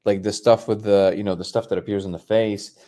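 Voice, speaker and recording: A man with a fairly low voice hosts a casual livestream, chatting loosely with plenty of fillers and false starts. He now and then wanders away from the microphone, so his voice comes and goes in strength. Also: little pitch movement, fairly quick, dark tone. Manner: rambling, hesitant, many fillers and restarts. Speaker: livestream host. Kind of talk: casual live chat.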